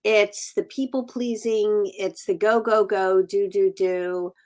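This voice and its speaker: A woman's voice: medium pitch, steady tone, slow pace, darkish tone. A woman hosting a health podcast, breaking in to explain ideas to her guest in an emphatic way. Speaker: podcast host. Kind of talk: interview conversation.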